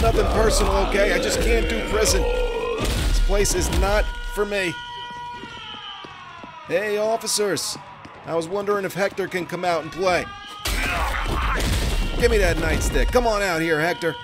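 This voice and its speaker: A man giving let's play commentary, profane and joking, talking back to the characters on screen. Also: high voice. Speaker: gaming commentator. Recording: music playing behind.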